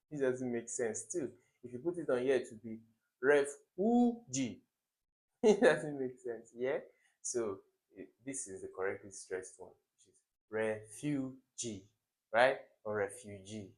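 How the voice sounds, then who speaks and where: A man's voice: mid-range voice, measured pace, low-quality recording. A man with a Nigerian English accent, an exam tutor talking through test questions, explaining step by step, repeating key words, and chuckling at wrong answers. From Africa.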